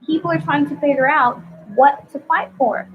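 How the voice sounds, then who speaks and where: A woman's voice: sits high, steady tone, moderate pace, faint music behind. A woman hosting a casual spiritual talk, asking searching questions in a preachy way. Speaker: host. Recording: tinny phone-like line with faint noise.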